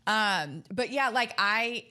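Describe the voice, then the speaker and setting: A woman's voice: medium pitch, expressive, slow, bright, forceful tone. A woman co-hosting a podcast, chatting enthusiastically about sports with lots of restarts. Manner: chatty, self-interrupting, enthusiastic. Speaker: podcast co-host and sports reporter. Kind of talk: casual sports chat.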